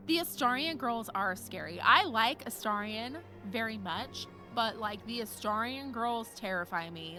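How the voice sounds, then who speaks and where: Giggling and gushing over the characters, a young woman chats casually with viewers and reads their messages while streaming a video game. She sounds fairly high-pitched and animated, speaking a little slowly with few pauses, as game music runs beneath her.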